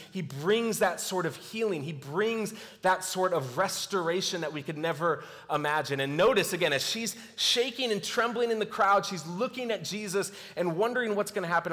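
A man preaching a sermon, telling a story and voicing the quoted lines in a quieter tone. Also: a little high. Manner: storytelling, acts out scripture quotes with softer voice. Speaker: pastor. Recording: long hall reverb.

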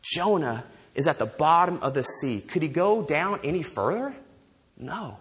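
A man preaching a sermon to a congregation, telling stories in an animated way, often restarting sentences and laughing. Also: a little high, a little slow. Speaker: pastor.

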